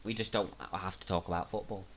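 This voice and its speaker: A man from Manchester with a Mancunian accent, hosting a live watch-along stream, reacting with loud gasps and chatting casually with viewers. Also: low voice, brisk, slight background noise. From Manchester, England. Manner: excitable, bursts into loud gasps during big moves, casual with chat.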